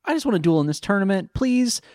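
A man's voice: high voice, big pitch swings, quick pace, darkish tone, no room sound, clean studio sound, pitched above the performer's own voice. Guy playing a whiny mugged kid begging for his cards, voice pushed way up and bouncing around. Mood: pleading. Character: pleading young man begging for his cards.

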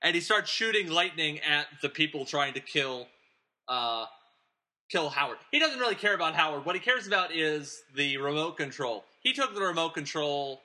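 A man's voice: on the high side, lively intonation, moderate pace, bright, forceful tone. A man hosting a podcast, casually recapping a film plot in a rambling, digressive way and chuckling as he talks. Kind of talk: casual chat.

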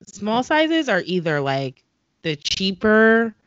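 A woman's voice: medium pitch, sing-song, takes it slowly, a bit bright, dry recording. A woman chatting casually about sneakers, with a lot of "like" fillers. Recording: dull, lo-fi sound.

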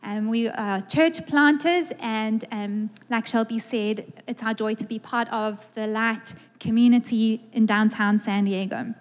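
High-voiced South African woman preaching. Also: unhurried, hardly any pauses. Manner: warm, conversational, playful with the congregation. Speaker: guest preacher. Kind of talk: sermon. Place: church sanctuary. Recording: reverberant church hall.

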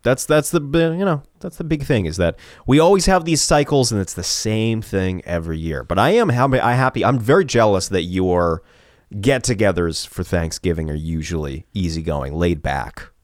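A man's voice: sits low, animated, normal speed, no echo, studio quality. A man co-hosting a podcast, chatting casually in laid-back, agreeable banter. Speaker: podcast co-host. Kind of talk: casual chat.

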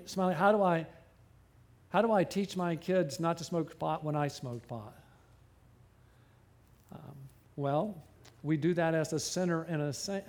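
A middle-aged man preaching a sermon, animated, with big swings up and sudden drops. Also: high-pitched. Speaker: pastor.

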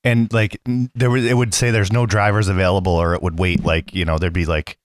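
Low-voiced laid-back man. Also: little pitch movement, brisk, noisy background. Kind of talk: casual chat.

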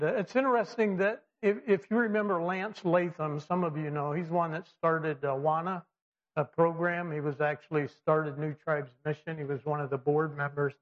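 Male preacher, casual sermon, fillers and restarts, higher voice, dull recording. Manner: conversational with many fillers and restarts; lively, acts out quoted voices. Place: church or classroom with slides. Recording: dull lo-fi sound.

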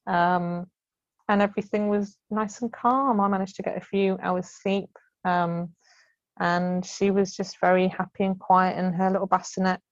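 This podcast guest, a woman in her thirties, shares casual stories over a remote call from home, chatty and laughing often as she acts out others' voices. Her voice is medium-pitched and flat at a moderate pace, with no room sound; the audio is dry, close and slightly muffled and dull.

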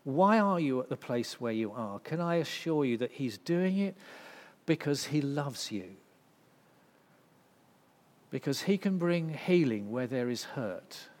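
A man preaching a sermon, swinging from loud, intense passages to hushed ones. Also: mid-range voice, expressive, measured pace. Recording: long reverb of a hall.

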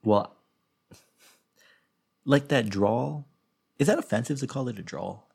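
A man's voice: mid-range voice, takes it slowly, gravelly, darkish tone, slightly rough. A man hosting a podcast, telling stories in a casual, rambling way with frequent restarts. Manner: rambling, self-interrupting storyteller with frequent restarts. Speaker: podcast host.

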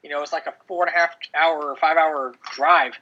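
A man's voice: on the high side, steady tone, brisk, bright, forceful tone. A middle-aged man chatting casually on a podcast, telling rambling stories full of restarts and "dude". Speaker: podcast co-host. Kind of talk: casual chat. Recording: dull lo-fi audio.

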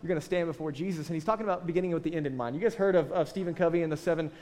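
Man, pastor, sermon, rapid conversational delivery, long hall reverb. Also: a little high. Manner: conversational, animated preaching with frequent "right?" asides.

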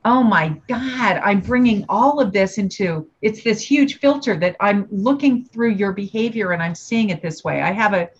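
A woman, a parenting trainer, telling personal stories in an animated way and acting out the voices. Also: mid-range voice, moderate pace, hardly any pauses, husky. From United States. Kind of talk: personal storytelling in conversation. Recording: dull lo-fi sound.

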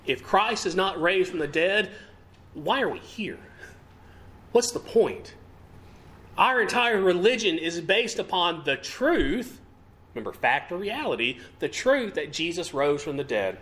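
A man with a high-pitched, somewhat bright voice preaches a sermon. His delivery is emphatic, rising and falling, and punctuated by rhetorical questions.

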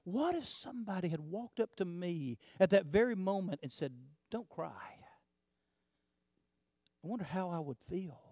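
A male pastor preaching a sermon, swinging from hushed low passages to loud emphatic build-ups, often repeating words as he builds. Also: expressive, moderate pace, dry recording, studio quality.

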